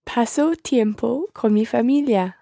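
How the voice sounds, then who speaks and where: A woman's voice: fairly high pitch, unhurried, gravelly, dark tone, dry recording, studio quality. A woman learning Spanish, carefully repeating words and phrases after her teacher. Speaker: language learner. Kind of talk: repeating drills in a lesson.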